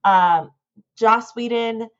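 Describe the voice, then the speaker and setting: A woman co-hosting a casual podcast, talking in excited, rambling fan rants. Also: on the high side, drawn-out words, dull audio. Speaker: podcast co-host.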